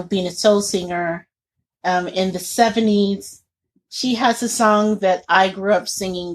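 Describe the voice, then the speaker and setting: A woman co-hosts a podcast in a breathy, husky voice of middle pitch. She chats freely and laughs often. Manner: chatty and giggly, with frequent laughter. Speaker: podcast co-host. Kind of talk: casual chat.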